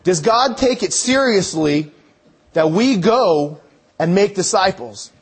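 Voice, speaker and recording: A man's voice: high-pitched, lively intonation, slow, slightly rough. A man preaching a sermon in a conversational way, thinking aloud and restarting his phrases.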